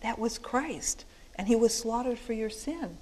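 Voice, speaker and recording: A woman's voice: on the high side, lively intonation, unhurried, a little mellow, poor audio. A woman teaching a Bible study group, working through a passage line by line. She explains patiently, leans hard on key words, and stumbles into fillers and restarts.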